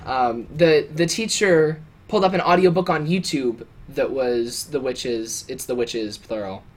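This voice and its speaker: A man's voice: medium pitch, a little slow. A young man co-hosting a podcast, telling a story in a loose, rambling way with many fillers and restarts. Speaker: podcast co-host. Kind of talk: casual chat.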